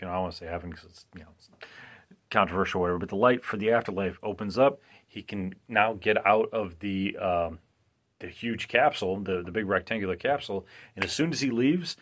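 A man's voice: fairly low pitch, fairly bright tone. A man hosting a podcast, recapping a movie in a casual, rambling way, often restarting and asking listeners "right?". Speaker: podcast host.

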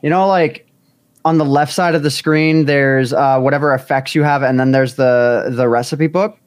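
A man's voice: mid-range voice, steady tone, normal speed. A man co-hosting a casual podcast, eagerly thinking aloud with fillers. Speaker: podcast co-host. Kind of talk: casual chat.

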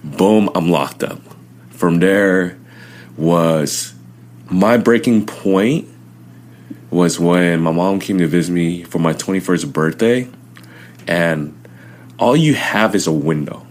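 Deep-voiced young man telling his story. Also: slow pace, long pauses, slight background noise. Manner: animated storytelling, acting out quotes loudly. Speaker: interview guest.

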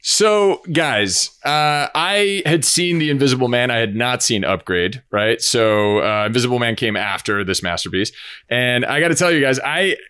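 A man's voice: mid-range voice, animated, moderate pace, sharp tone, smooth, no room sound. A man hosting a podcast, talking in a rambling, laughing way with lots of restarts. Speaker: podcast host. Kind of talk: casual podcast chat.

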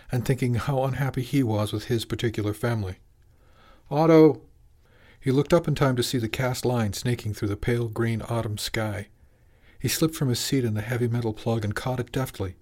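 A male audiobook narrator reading his own novel in a steady, measured way. His voice sits low and calm.

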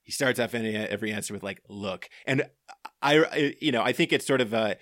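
Speaking fast in a mid-range, somewhat bright voice, this podcast host chats casually from his home office. The studio-quality recording has no room sound, and his delivery wanders loosely with plenty of fillers.

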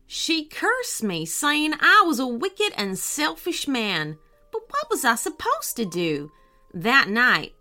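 A woman playing a sad, tired middle-aged male farmer in a children's storybook reading, speaking slowly and mournfully. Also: fairly high pitch, sharp tone, full character voice. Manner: slow, mournful delivery.

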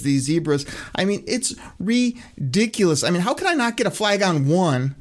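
A man hosting a sports podcast, ranting in an exasperated, worked-up way with lots of "I mean.". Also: high-pitched. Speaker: podcast host. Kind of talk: casual sports podcast chat.

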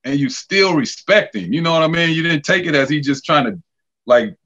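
Casual podcast storyteller, man, animated and profane, a bit high, dull lo-fi audio. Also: fairly quick. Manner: animated, profane, acts out quoted dialogue. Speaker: podcast guest, former college basketball player.

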